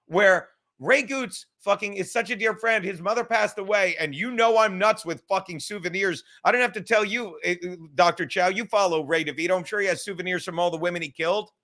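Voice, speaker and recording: A high, bright-toned man with a New York accent rants through a livestream podcast. He swears constantly and wanders off on tangents. His voice jumps from shouting at viewers to low, mumbled asides. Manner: loud, swearing, rambling, shifts from shouting to mumbling. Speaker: podcast host. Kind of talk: profane livestream rant.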